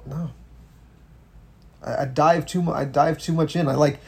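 A man co-hosting a casual political commentary podcast, animated and swearing, with many stumbling restarts. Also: on the high side, normal speed, gravelly, breathy edge. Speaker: podcast co-host.

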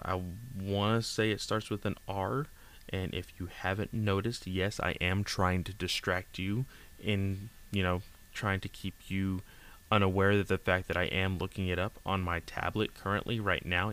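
A man's voice: sits low, bright, forceful tone. A man casually recapping a manga chapter, rambling with lots of fillers, speaking into a close desk mic.

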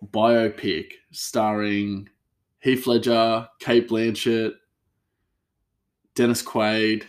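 Male podcast host, lowish voice, loose and chatty, drifts off on tangents. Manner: rambling, chatty, restarts, laughs easily. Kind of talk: casual solo podcast chat.

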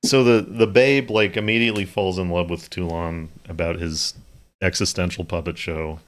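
A man's voice: low voice, steady tone, normal speed. A man co-hosting a podcast, casually and animatedly discussing a movie with friends and laughing often. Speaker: podcast co-host.

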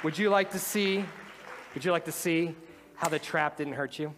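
A man giving a casual, animated sermon, talking conversationally and acting out little voices as he explains. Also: fairly high pitch, moderate pace, some chatter behind, slight background noise. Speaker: preacher. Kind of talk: sermon with demonstration. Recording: long hall reverb, faint music.

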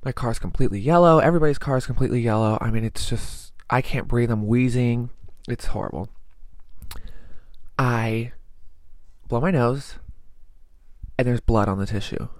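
Young male vlogger, chatty and anxious, dry recording, mid-pitched. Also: no echo. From American South. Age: young adult. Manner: chatty, rambling, self-deprecating, anxious. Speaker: vlogger, student teacher. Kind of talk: casual chat.

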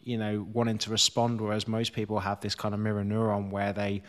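A man's voice: fairly low pitch, completely flat delivery, fairly quick. A man talking thoughtfully and self-deprecatingly as a podcast guest, with casual swearing. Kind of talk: candid conversational podcast talk.

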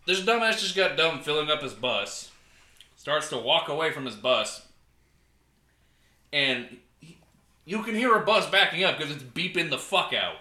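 A man's voice: fairly high pitch, very animated, unhurried, long pauses, bright, forceful tone, roomy sound. A man telling a crude work story in casual chat, laughing and acting out what people said. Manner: crude, laughing, acts out quotes. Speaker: podcast co-host.

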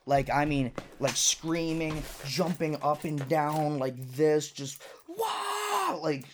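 A man's voice: fairly high pitch, steady tone, takes it slowly, a little mellow, a little hiss or hum. A man in his twenties hosting a solo podcast, telling a story in a rambling, profane way full of filler words. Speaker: podcast host.

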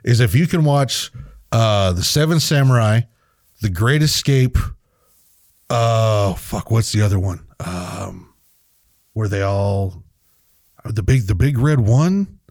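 A man's voice: fairly low pitch, animated, slow, long pauses, darkish tone. A man ranting in casual, profane chat, heated and swearing constantly as a podcast co-host.

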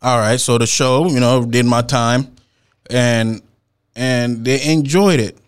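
A male performance poet telling a story in a relaxed, streetwise manner. His voice sits at an ordinary middle pitch. He tells it with casual slang and lively asides. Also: slow, clean tone. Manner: slangy, animated retelling with laughs and acted-out quotes.

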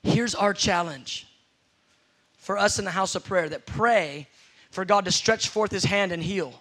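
A man's voice: high-pitched, a little slow, bright, forceful tone. A man preaching a sermon, telling stories with playful acted-out scenes.

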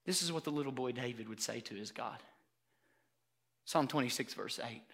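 A man preaching a sermon emphatically and loudly, repeating words for emphasis. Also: medium pitch, animated, fairly quick. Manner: emphatic, loud, repetitive preaching.

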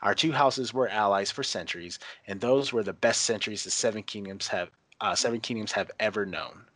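A commanding young queen speaks in formal, measured lines, read by a man. The voice sits fairly low and dry, with no roominess around it. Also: a bit bright, no echo. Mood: regal.

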